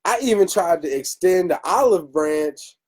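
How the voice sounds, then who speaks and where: A man's voice: sits high, lively intonation, moderate pace, husky, low-quality recording. A man hosting a casual podcast chat, telling stories animatedly, laughing often and acting out quotes. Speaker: podcast host.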